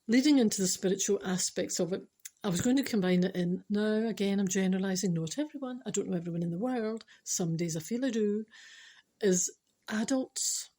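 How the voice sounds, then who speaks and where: A Scottish woman in middle age talks through her spiritual podcast in a loose, chatty way. She teases herself and slips into whispered asides. Her pitch sits in the ordinary middle range for a woman. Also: mellow. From Scotland. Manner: self-mocking, playful, drops into whispered asides. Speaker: podcast host.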